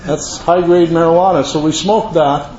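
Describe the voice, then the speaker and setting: Older man, mellow and slightly high voice, earnest rambling testimony, dull lo-fi room recording. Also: steady tone, normal speed. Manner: rambling, earnest storytelling with folksy asides. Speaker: recovery meeting speaker. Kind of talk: personal testimony to a live audience. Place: meeting room with an audience. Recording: echoey room, dull lo-fi sound, faint hiss.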